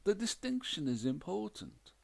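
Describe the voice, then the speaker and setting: A man voicing a deadpan, precise male detective with wry phrasing. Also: sits high, normal speed, gravelly, pitched above the performer's own voice, full character voice. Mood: dry.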